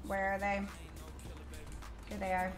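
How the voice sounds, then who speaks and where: A young woman streaming a game live and commenting as she plays, excitable and gushing, with frequent squeals and repeated exclamations. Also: mid-range voice, unhurried. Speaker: gaming streamer. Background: music playing under the voice.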